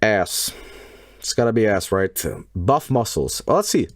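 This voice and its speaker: A male streamer reacting to videos live. He jokes, laughs loudly and breaks into exclamations. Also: fairly low pitch, animated, a little slow, no room sound, clean studio sound. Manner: loud laughing outbursts, joking and exclaiming.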